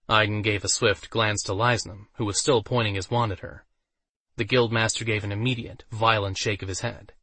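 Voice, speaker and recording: A man reading a fantasy novel aloud in steady scripted narration. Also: on the low side, moderate pace, no room sound. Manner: steady, even storytelling. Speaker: audiobook narrator.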